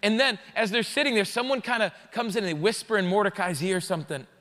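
A man, a pastor, preaching a sermon in a conversational, jokey, animated way. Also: high voice, fast talker, long reverb tail.

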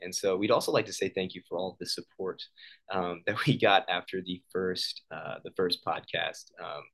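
A man's voice: sits low, steady tone, normal speed, creaky, low-quality recording. Friendly man co-hosting a faith podcast. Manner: warm, joking, filler-heavy talk. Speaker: podcast co-host. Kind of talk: casual faith podcast chat.

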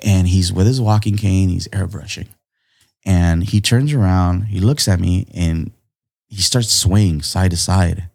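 Slangy man telling a story, low voice. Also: unhurried, creaky. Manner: animated, jumps high in pitch when quoting people; slangy, laid-back, says dude and bro a lot. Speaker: guest artist. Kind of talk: casual storytelling chat.

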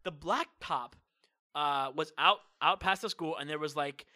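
Bright-voiced young man telling stories. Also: on the high side, measured pace. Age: young adult. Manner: animated storyteller, bursts into loud shouted impressions. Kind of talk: casual storytelling chat.

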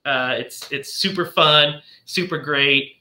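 A man's voice: a little high, bright, forceful tone, echoey room. A man hosting a podcast in casual chat, enthusiastic and chatty. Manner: enthusiastic, chatty, retells scenes with quick voices. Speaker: podcast host.

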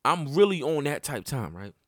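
A man hosting a podcast, telling a personal story in casual, profane talk that climbs sharply in pitch when he gets worked up. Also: moderate pace, no room sound, studio quality. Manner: animated and profane, voice jumping up when heated. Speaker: podcast host.

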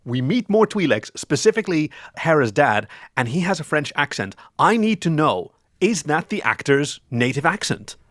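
A man's voice: on the high side, big pitch swings, normal speed, few pauses, fairly bright tone, no echo, studio quality. A man co-hosting a comedy podcast, chatting in a wry, theatrical way. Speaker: podcast co-host. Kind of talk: casual chat.

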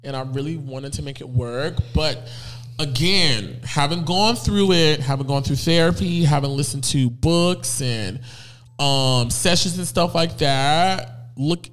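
A sassy, candid young man in his late twenties, guesting on a podcast. His voice sits a touch high, and he tells his stories with animated flair. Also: unhurried. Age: 20s. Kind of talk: casual chat.

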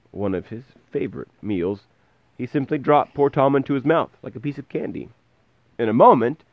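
Low-voiced man reading a fairy tale. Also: dull audio. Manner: lively, stops to explain words. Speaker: storyteller.

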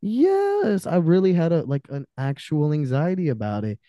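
Heated, swearing man, fairly high voice. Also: big pitch swings, normal speed, dark tone, dry recording, lo-fi sound. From Romanian family background. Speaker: podcast guest. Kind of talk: casual, profane podcast rant.

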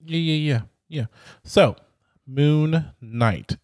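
A man co-hosting a podcast in casual chat, animated with dramatic storytelling. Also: fairly high pitch, extremely slow, no room sound, clean studio sound. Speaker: podcast co-host.

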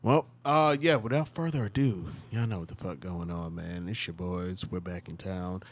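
A man's voice: low voice, normal speed, no room sound. A young man hosting a podcast, talking in loose, profane, slangy casual chat. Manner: slangy, profane, laid-back banter. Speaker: podcast host.

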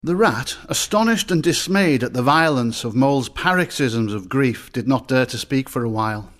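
A man giving measured, expressive storybook narration. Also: mid-range voice.

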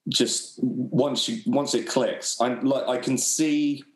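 A man's voice: medium pitch, fairly even intonation, takes it slowly, reverberant, rough recording. A young man from England chatting casually as a podcast guest, laid-back, swearing freely and laughing often. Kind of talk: casual chat.

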